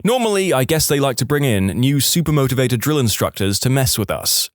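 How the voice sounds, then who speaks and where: A man reading online stories aloud in an animated storytelling way, recorded close on a studio mic. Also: medium pitch, brisk, dry recording. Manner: animated storytelling, switching into voices. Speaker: narrator.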